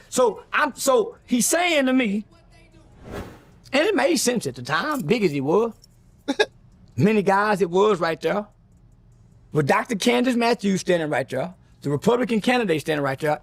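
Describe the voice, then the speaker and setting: High-voiced guy with a gravelly husky edge, animated storyteller, acts out the quotes. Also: normal speed, dry recording. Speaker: guest telling a story. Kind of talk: storytelling in a played interview clip.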